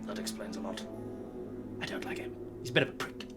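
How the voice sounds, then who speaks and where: A man's voice: sits low, quick pace, over music, voice pushed down, close to an everyday voice. A man voicing a gleeful, crude male god of chaos who swears and mocks mortals. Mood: mocking. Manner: giggly, swearing, mocking. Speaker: game master.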